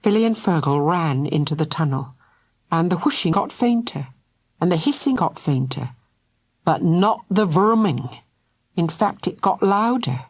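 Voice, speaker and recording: Brief: woman, children's audiobook narrator, animated delivery, dry close sound. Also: fairly low pitch, measured pace, no room sound. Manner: lively, voices each character.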